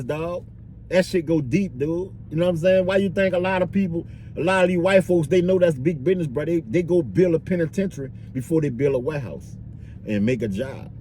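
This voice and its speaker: A man's voice: high-pitched, slightly rough. A man vlogging in a loose, slangy street-talk monologue, filling it with "you dig" and "bro".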